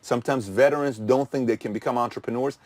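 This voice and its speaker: A man's voice: medium pitch, steady tone, quick pace, darkish tone. A middle-aged man hosting his channel, giving a punchy motivational talk full of rhetorical questions that he answers himself. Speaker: channel host.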